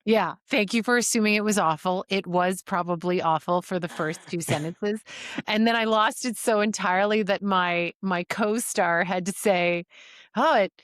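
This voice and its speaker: A woman's voice: medium pitch, moderate pace, few pauses, fairly bright tone, no room sound, studio quality. A woman co-hosting a podcast in casual chat, wry and self-mocking, laughing often. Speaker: podcast co-host.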